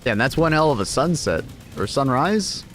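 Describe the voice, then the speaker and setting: A man's voice: mid-range voice, sing-song, moderate pace, a bit bright, faint music behind. A man chatting casually on a game live stream, talking to his cat and swearing now and then.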